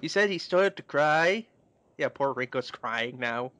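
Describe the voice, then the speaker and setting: A man co-hosting a comedy podcast reads fan fiction aloud for a casual group, interrupting with quick, crude, mocking asides between passages. His medium-pitched voice is expressive, bright, and forceful.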